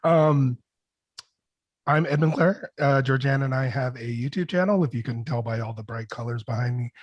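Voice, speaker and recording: Animated, rambling man on a dry call. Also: mid-range voice, normal speed, no echo, muffled recording. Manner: rambling, animated storytelling with many restarts. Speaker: music producer, panelist. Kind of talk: online panel interview. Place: home studio with colorful backdrop.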